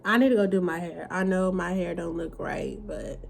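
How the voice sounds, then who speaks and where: A woman's voice: lowish voice, fairly even intonation, moderate pace, creaky, a little hiss or hum. A woman vlogger talking while she eats, in a blunt, profane, casual rant. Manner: talks while eating.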